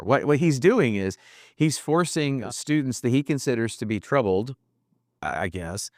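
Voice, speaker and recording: A man's voice: medium pitch, animated, moderate pace, darkish tone, no echo, studio quality. A man co-hosting a podcast, recapping a TV episode in wry, chatty talk. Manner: chatty, wry, repeats words when restarting. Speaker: podcast co-host. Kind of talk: casual TV episode discussion.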